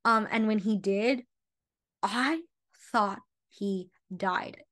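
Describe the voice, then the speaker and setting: A woman's voice: mid-range voice, extremely slow, fairly bright tone. A young woman chatting emotionally about a favorite book and reading passages aloud. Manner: gushing, emotional. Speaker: book reviewer.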